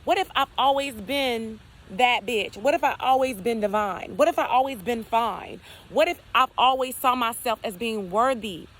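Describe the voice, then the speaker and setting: Woman, fairly high voice, spiritual talk, repeating affirmations, outdoors. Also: moderate pace, few pauses, fairly bright tone. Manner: repetitive affirming, rhetorical what-if questions. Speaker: spiritual content creator. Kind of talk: casual spiritual talk to camera. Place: outdoors, near geese and trees.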